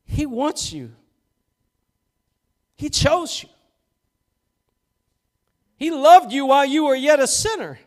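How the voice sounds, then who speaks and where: A man preaching a sermon as pastor in a church, fervent and swinging from loud to hushed. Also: very high-pitched, very animated, slow pace, long pauses. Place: church sanctuary.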